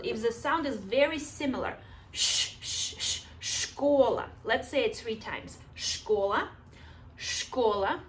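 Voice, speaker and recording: A woman teaching vocabulary, modeling each word slowly and urging the viewer to repeat it aloud. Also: high voice. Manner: slow, drawn-out model pronunciation, coaxing the viewer to repeat. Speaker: language teacher. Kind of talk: vocabulary lesson with repetition drills.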